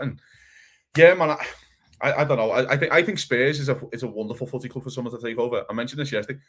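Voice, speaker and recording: A man co-hosting a casual football chat, animated and swearing, acting out other people's quotes. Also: medium pitch, fast talker. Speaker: podcast co-host.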